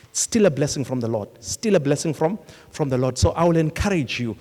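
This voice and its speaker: Animated high-voiced pastor in a hall. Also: male voice, a little fast, hardly any pauses. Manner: animated, storytelling, acts out couples' exchanges. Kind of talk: live sermon. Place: large congress hall. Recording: long hall reverb from a live congress.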